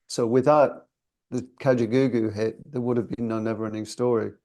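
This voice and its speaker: A man in his sixties from the UK, chatting as an interview guest in a loose, storytelling way. His voice is warm and dark, with a gravelly fry running through it. He comes across as reflective and gently self-deprecating. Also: medium pitch, steady tone, moderate pace. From United Kingdom. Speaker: singer and guest.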